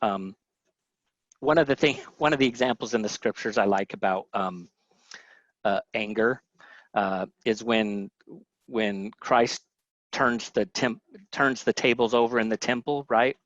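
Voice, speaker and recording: A man's voice: fairly low pitch, fairly even intonation, measured pace, long pauses, a bit bright, dry recording. A middle-aged man with a Southern American accent, teaching a family health webinar in a casual, chatty way, often restarting sentences. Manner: chatty, self-interrupting storyteller who acts out quotes. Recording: dry, dull lo-fi webinar audio.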